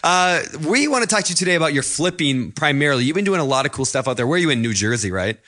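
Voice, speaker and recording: Quick bright guy cohosting a podcast, jokey, rambles. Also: a little high, expressive. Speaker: podcast co-host. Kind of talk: casual chat.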